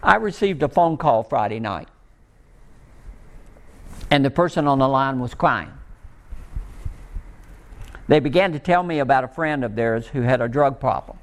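A man preaching a sermon, rising and pleading at times, then dropping low and soft to tell a story. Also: lively intonation, a little slow, long pauses. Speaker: pastor.

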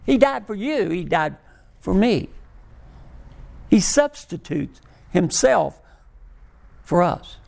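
Male pastor, sermon, high voice, gravelly edge, unhurried emphatic delivery. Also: very animated, darkish tone. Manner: slow, emphatic preaching with rising and falling emphasis.

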